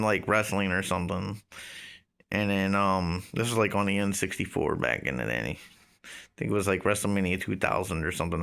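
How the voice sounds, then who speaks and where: A man in his thirties with a somewhat low voice tells a story in a loose, rambling way. He leans on fillers and swearing, and his pace drifts between quick and drawn out. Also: gravelly, a bit bright. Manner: rambling, profane, filler-heavy. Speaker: vlogger. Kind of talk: casual storytelling.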